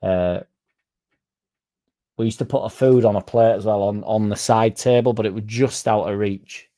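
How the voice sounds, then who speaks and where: A man hosting a fan livestream, rambling through deadpan jokes and chatting to the chat. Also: on the low side, normal speed. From Leeds, England. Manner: rambling deadpan joking, dropped articles. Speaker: fan channel livestream host. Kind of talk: casual livestream chat reading the chat.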